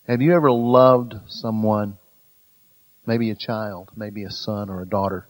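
A man teaching a Bible study in an earnest way, growing louder and slower to stress key phrases. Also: fairly low pitch, steady tone, low-quality recording.

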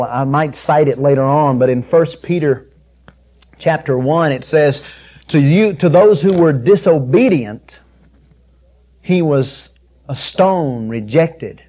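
A man preaching a sermon, emphatic and rising to loud peaks on scripture, then dropping soft and low. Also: highs cut off. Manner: drops soft and low on intimate points.

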